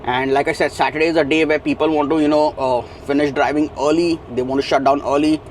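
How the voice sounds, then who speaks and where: Young male trucker, rambling casual vlog talk, slightly high voice, faint engine hum behind. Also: little pitch movement, fast talker. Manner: chatty, rambling with fillers and restarts. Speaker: truck driver vlogger. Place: truck cab on the road.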